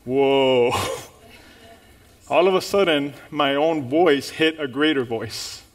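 Animated man preaching a sermon. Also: fairly high pitch, slow pace. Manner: animated storytelling with call-outs to the congregation. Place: church in front of a congregation.

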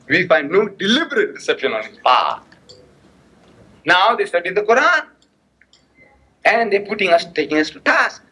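Male religious lecturer, high voice, storyteller who repeats lines, asks rhetorical questions and acts out both sides of dialogue, speaking in a mosque hall. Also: sharp tone. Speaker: Islamic lecturer.

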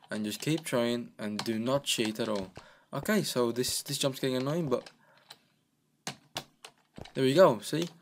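A man narrating his gameplay in a loose, joking way, often coaxing himself along as he plays. His voice sits at an ordinary middle pitch and comes through a desk microphone, with faint keyboard clicking behind him. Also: a little hiss or hum. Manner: chatty and joking, talks to himself. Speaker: gaming channel host. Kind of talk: casual gameplay commentary.

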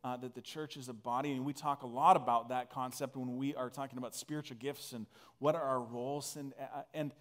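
A man's voice: medium pitch, fairly even intonation, a little fast. A man from northern Canada preaching a conversational sermon, earnest and full of restarts. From northern Alberta, Canada. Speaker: pastor.

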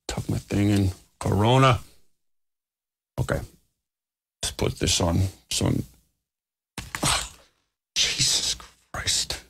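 Gravelly slow-talking man, scattered and swearing. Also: fairly low pitch. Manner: scattered, swearing, self-mocking asides. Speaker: music producer streaming. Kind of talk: casual livestream talk while working.

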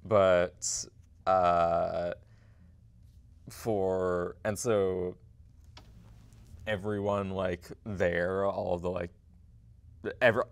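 A young man on a community TV panel, talking hesitantly with many pauses and fillers. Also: low-pitched, level tone, gravelly, clear, resonant tone. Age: young adult. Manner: hesitant, many ums and uhs. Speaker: media intern, panelist. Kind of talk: casual panel discussion.

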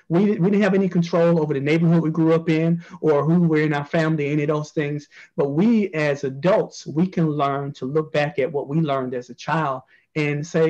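A man's voice: a little high, fairly even intonation, brisk, a little mellow, lo-fi sound. An American man, a journalist speaking as a panel guest, earnestly answering and repeating phrases for emphasis. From United States.

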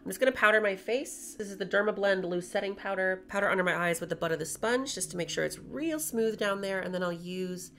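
A woman's voice: mid-range voice, a little fast, hardly any pauses, a bit bright, a little hiss or hum. A woman in her twenties chatting candidly to camera while doing her makeup, with playful asides. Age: 20s. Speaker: YouTuber and streamer. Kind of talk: casual vlog chat while doing makeup.

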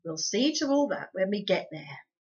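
A woman voicing a tired, blunt little borrower father who speaks flatly in rough country grammar, in a storybook reading. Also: medium pitch, normal speed, lightly acted. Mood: weary blunt. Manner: flat, weary, blunt rustic grammar. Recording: dull lo-fi recording.

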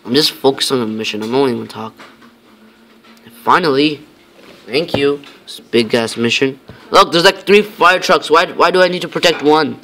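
A man's voice: mid-range voice, normal speed, sharp tone. A man giving casual, rambling commentary over his own gameplay, talking to himself with many fillers and mock-tough lines.

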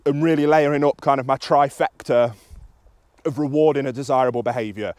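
A British man, a dog trainer, calmly explaining his method to the camera outdoors while he works a dog. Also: a little fast, no echo. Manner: calm and instructive, with high excited praise to the dog.

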